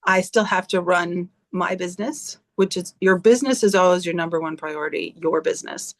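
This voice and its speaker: A woman's voice: fairly low pitch, a little fast. A woman on a video call, a team leader giving her team a blunt, emphatic motivational talk full of swearing. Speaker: team leader in direct sales.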